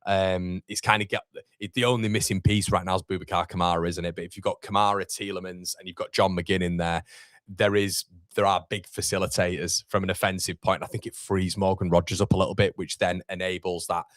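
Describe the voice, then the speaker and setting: A man's voice: low voice, flat delivery, a little fast, a bit bright, dry recording, clean studio sound. A young man hosts a live football watchalong. He chats casually, reads viewer comments aloud and calls people mate. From Yorkshire, England. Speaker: watchalong streamer.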